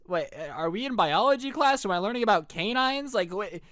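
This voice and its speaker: A young man telling a story on his stream, his fairly high voice swinging widely as he jokes. He talks in slang and throws in disbelieving asides. The recording is dry and close, with no room sound. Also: brisk, few pauses, no echo. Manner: animated, joking, slangy, with mock-incredulous asides. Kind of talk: casual storytelling on a livestream.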